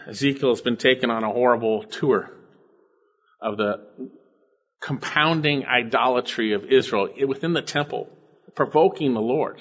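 A man's voice: mid-range voice, a bit bright, highs cut off. A man preaching an expository sermon as pastor, earnest and preacherly, pressing his listeners with emphatic calls.

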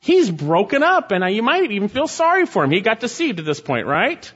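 Male pastor, slightly high voice, fervent sermon delivery with swelling emphasis, dull lo-fi recording. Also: wildly swooping pitch, a little fast, bright, forceful tone, breathy edge. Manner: preaching with rising emphatic exhortations and dramatic scripture reading.

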